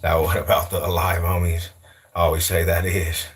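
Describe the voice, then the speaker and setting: Speaking at a moderate pace in a low voice, this young Denver vlogger talks to camera with an East Side Denver accent. He's loose and animated, full of slang and frequent laughter, chatting casually like he's out on the street.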